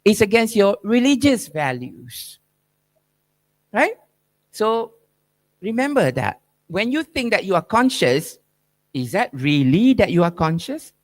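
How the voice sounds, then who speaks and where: A man's voice: high-pitched, very animated, a little slow, pauses often. A man giving an academic keynote lecture, driving his points with rhetorical questions and "right?" tags. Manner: probing, emphatic lecturing. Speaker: keynote speaker.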